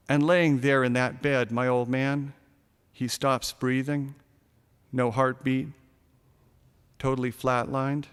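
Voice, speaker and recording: A man narrating a first-person short story in a sardonic, darkly comic way, now and then shouting a punchline. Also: mid-range voice, flat delivery, slow, pauses often, clean tone, in a large hall.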